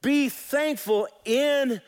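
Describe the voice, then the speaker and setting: A male pastor delivers a folksy, animated sermon, calling out to his congregation and swinging between soft and loud. His voice is very high-pitched, with drawn-out words.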